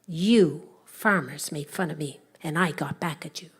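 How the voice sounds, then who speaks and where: A woman's voice: deep voice, measured pace, husky, full character voice. A woman storyteller voicing a sulky, proud young male frost spirit who talks petulantly. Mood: resentful. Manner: petulant, resentful.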